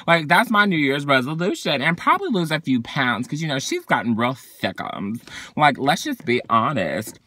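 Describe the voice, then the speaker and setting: A man's voice: medium pitch, big pitch swings, normal speed, no echo. Sassy, dramatic young man venting in a car. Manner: sassy, dramatic, swings from loud outbursts to weary sighs. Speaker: vlogger. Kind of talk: venting monologue to camera. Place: parked car.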